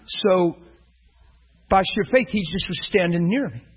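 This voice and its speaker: A man's voice: high-pitched, a little slow, husky, highs cut off. A middle-aged man preaching, telling a personal story and acting out the dialogue with animation. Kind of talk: sermon storytelling.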